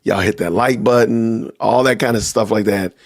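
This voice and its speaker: A man hosting a casual livestream podcast, reacting out loud and talking to his viewers as "y'all". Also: lowish voice, steady tone, normal speed. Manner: talks to chat with y'all, reacting loudly. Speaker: podcast host.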